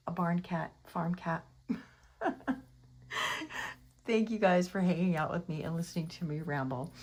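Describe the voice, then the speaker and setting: Casual female crafting vlogger, rambling, half-whispers asides, some vocal fry. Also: lowish voice, darkish tone, low-quality recording. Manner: rambling, half-whispered asides, coos baby talk at her cat. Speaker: planner vlogger. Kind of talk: casual chatty voice-over while crafting.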